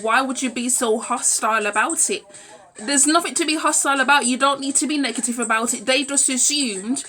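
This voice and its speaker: A woman's voice: a little high, pushed and bright. A woman giving a frank, forthright vlog monologue. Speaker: vlogger. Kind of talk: opinionated talking-to-camera monologue.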